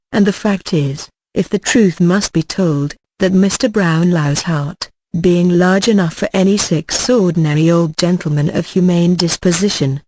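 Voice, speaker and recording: An audiobook narrator reading a classic novel aloud in a steady, measured way. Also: medium pitch, no echo, poor audio.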